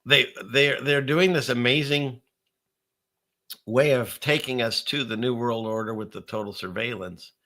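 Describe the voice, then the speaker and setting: A man's voice: mid-range voice, steady tone, unhurried, sharp tone. A middle-aged man hosting a casual, rambling commentary show with a conspiratorial, chuckling manner. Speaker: channel host.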